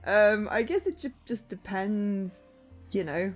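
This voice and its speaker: At a measured pace with long pauses, a woman's medium-pitched voice comes across as very animated over soft background music. She's in her thirties, a streamer rambling between tangents and chatting casually as she plays, often poking fun at herself.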